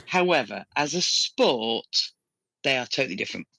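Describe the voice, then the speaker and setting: A woman's voice: rumbling low, expressive, normal speed, vocal fry, bright, forceful tone, no echo. Woman panelist, bouncy up-and-down voice, playful, kinda hesitant. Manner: hesitant, playful, thinks aloud. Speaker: podcast panellist. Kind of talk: casual panel chat.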